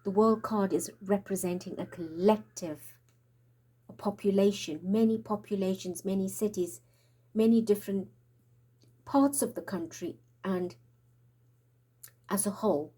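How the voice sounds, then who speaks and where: A woman's voice: medium pitch, a little slow, pauses often, mellow, slightly rough. A woman giving a tarot reading in an urgent, prophetic way, out of breath and trembling, sometimes dropping into whispers. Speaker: tarot reader. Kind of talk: spiritual tarot reading monologue.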